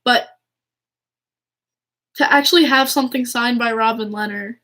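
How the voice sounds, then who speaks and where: A young woman with a fairly high voice talks casually to her viewers as a hockey fan vlogger. She is excitable and gushing, tripping over restarts and fillers as she goes. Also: moderate pace. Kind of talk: casual chat to camera.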